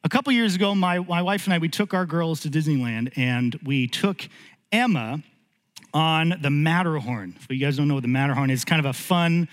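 Pastor, man, 30s; slightly high voice, animated storyteller turning earnest, long church reverb. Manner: animated storytelling, voice jumps high for acted quotes, drops low and slow when earnest. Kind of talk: sermon. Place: church sanctuary.

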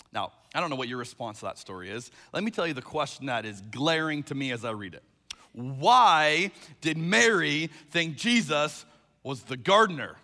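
A man preaching a sermon as pastor, animated and emphatic, building his points through repeated phrases. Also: high voice. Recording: long reverb of a large hall.

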